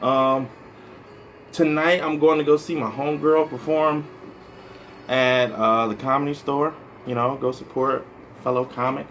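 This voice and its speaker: A man's voice: medium pitch, steady tone, unhurried, a bit bright, a little hiss or hum. A man from the American Midwest, a stand-up comedian, talking in a casual, rambling vlog monologue full of "like" and "you know" and some swearing.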